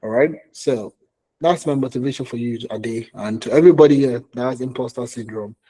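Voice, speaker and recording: Husky-voiced man coaching job seekers. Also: medium pitch, a little fast, warm tone. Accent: Nigerian. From Nigeria. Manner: conversational, repeats points, asks "okay?" often. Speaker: career coach. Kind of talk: live online coaching session.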